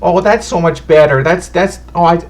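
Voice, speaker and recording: A man's voice: on the high side, normal speed, voice pushed up, close to an everyday voice. A man voicing a sweet, fussy little old woman fortune teller who chats in a folksy way and calls people darling and honey. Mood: fussing.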